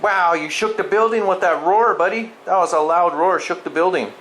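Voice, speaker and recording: The cat caretaker's voice is high and at normal speed as he films a feral cat inside a building. He coaxes it with sing-song pet talk, repeating its name and posing playful questions. The recording is low quality, with a constant air conditioner hum.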